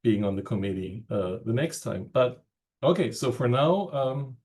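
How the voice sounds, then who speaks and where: A research network director with a German accent gives the opening remarks of a seminar via video call. His delivery halts, full of fillers and pauses, in a medium-pitched, slightly mellow voice.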